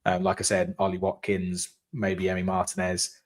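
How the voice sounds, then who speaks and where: A man's voice: deep voice, sing-song, normal speed. A man co-hosting a live post-match fan chat, talking casually and animatedly, with the odd swear. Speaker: fan channel co-host.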